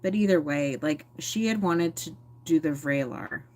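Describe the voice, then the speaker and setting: Her voice is low-pitched and a little slow as she opens up to the camera in a personal vlog. She reflects loosely, stumbling through fillers and frequently rephrasing.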